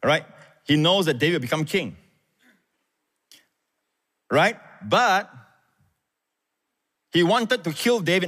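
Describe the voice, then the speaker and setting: A male pastor preaching, his voice sitting a bit high for a man. He tells the story in a dramatic way and jumps sharply upward when he quotes the characters. The sound rings through a hall with a long reverb. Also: moderate pace, pauses often. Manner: animated, rises high and loud when quoting scripture. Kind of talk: sermon.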